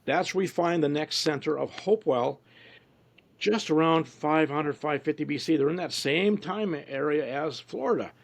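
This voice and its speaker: A man with a gravelly, husky voice and a fairly high pitch, answering an interviewer's questions at length. He tells stories and slips into quotes from people he met along the way. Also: moderate pace. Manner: storytelling, quoting others in voices. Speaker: interview guest, researcher. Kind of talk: casual conversational interview.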